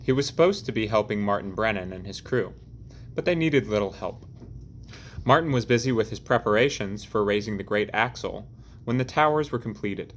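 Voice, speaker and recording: A man narrating an audiobook chapter in a measured, deliberate reading. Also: lowish voice, slight background noise. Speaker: audiobook reader.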